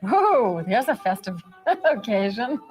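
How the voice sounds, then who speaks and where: A woman's voice: on the high side, very animated, takes it slowly, soft background music. A woman hosting a late-night show in playful casual chat, flirty and teasing, giggling and talking while she chews. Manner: talks while chewing.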